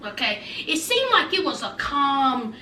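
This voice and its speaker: Sassy high-voiced woman in an echoey room. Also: sing-song, a little slow, pushed and bright, a little hiss or hum. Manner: chatty, sassy, calls listeners honey and child. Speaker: reality TV recap vlogger. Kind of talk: casual show recap. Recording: roomy echo, mic a bit distant.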